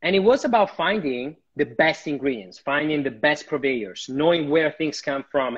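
Husky, lively man chef on a livestream. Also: mid-range voice. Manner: animated, chatty, repeats words. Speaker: guest chef. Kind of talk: live cooking demo chat. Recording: dull lo-fi livestream audio.

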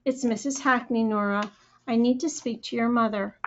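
A woman's voice: a little high, fairly even intonation, moderate pace, slight background noise, close to an everyday voice. A woman voicing a female school official who speaks politely, cool and businesslike. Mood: formal. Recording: slightly muffled recording.

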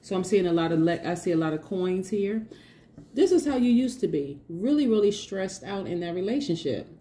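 Warm-voiced chatty woman reading tarot. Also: fairly low pitch, lively intonation, a little fast, a little hiss or hum. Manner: chatty, emphatic, repeats herself, laughs often. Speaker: tarot reader.

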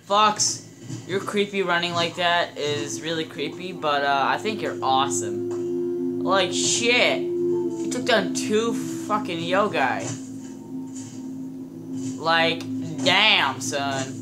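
A young man casually commenting on his game, excitable and swearing, talking to his in-game companions. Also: on the high side, slow, pauses often. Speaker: gameplay commentator. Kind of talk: casual let's-play commentary. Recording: game music loud behind voice.

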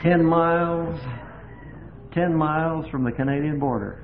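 Older male preacher, impassioned sermon, gravelly higher voice, tinny lo-fi recording with faint hiss. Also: unhurried. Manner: impassioned, swings between hushed and loud emphatic. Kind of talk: sermon with personal testimony.

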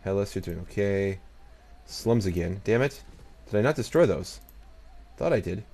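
Playing along in a let's-play, this gaming channel host offers casual commentary in a fairly low, slightly mellow voice with lively intonation and a moderate pace. He mutters to himself, answers back to the nations in the game, and lets the occasional swear word slip.

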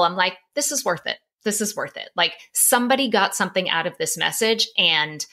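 A woman's voice: medium pitch, sharp tone. A middle-aged woman psychologist telling a candid, emotional personal story in a podcast interview.

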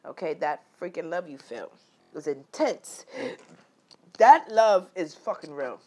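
A woman vlogging a candid personal story, animated and profane, leaping into high exclaimed quotes and talking straight to her viewers. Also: measured pace, breathy edge. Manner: repetitive filler-heavy talk addressing viewers directly.

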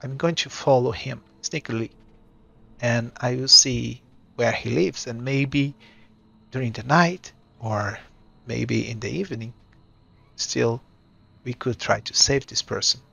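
Guy voicing earnest adventurer girl, pleading, bright gravelly tone. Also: mid-range voice, a little slow, long pauses, exaggerated voice. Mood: determined. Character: determined young adventurer woman, compassionate.

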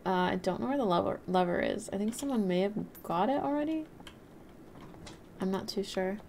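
A woman's voice: medium pitch, animated, moderate pace, creaky, darkish tone, slight background noise. A woman live-streaming a game, chatting casually, rambling and reading out and answering her chat. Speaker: livestreamer.

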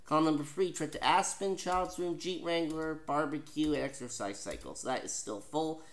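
A man from Canada hosting a home-made game show, reading questions and prizes in a lively, chatty, jokey way. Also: on the high side, normal speed.

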